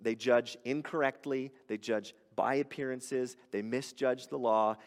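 With a medium-pitched voice and a slightly slow delivery, a pastor works through scripture in his sermon, chatty and animated until he builds to loud emphasis. A long reverb tail hangs on every phrase.

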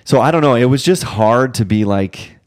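A man in his thirties, a father, telling a rambling, animated story in casual chat. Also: mid-range voice, moderate pace, clear, resonant tone.

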